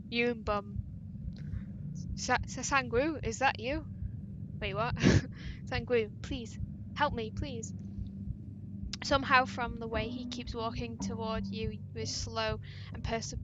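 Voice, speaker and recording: A woman reading a visual-novel fangame aloud, stumbling over lines and breaking off into awkward asides, with steady background noise. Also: a little high, muffled recording. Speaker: game player.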